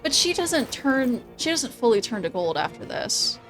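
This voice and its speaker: A young woman streaming a video game, thinking out loud about tactics, laughing often and swearing casually. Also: fairly high pitch, big pitch swings, moderate pace, faint music behind. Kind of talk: casual gameplay commentary.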